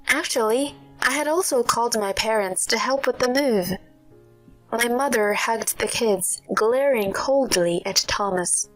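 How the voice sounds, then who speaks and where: A woman with a slightly high voice narrates a dramatic personal story in a steady, scripted way. Faint background music plays under her reading. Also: a little slow, rough recording.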